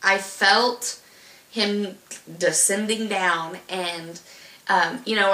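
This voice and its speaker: A woman's voice: mid-range voice, bright, forceful tone, echoey room, recorded from a distance. A young woman casually telling a long personal story, rambling with lots of fillers and restarts. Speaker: vlogger telling her birth story.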